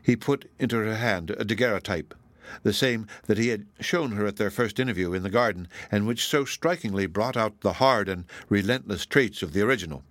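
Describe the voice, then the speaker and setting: A man narrating a classic novel as an audiobook in a measured, even storytelling manner. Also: lowish voice, dry recording. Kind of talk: audiobook reading of classic fiction.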